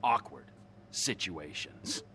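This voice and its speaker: A middle-aged criminal from a video game cutscene, sarcastic and unpredictable. He talks slowly, pitch swinging wide between low menace and mocking highs. His tone is bright and edged. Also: expressive, slight background noise, full character voice. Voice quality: mocking, drawn-out sarcasm with sudden whispers. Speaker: criminal old friend returning from the past.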